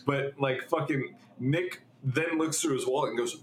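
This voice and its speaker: A man's voice: medium pitch, normal speed. A young man hosting a casual podcast, swearing often and laughing as he tells stories. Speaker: podcast host. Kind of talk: casual chat. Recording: echoey room with faint noise.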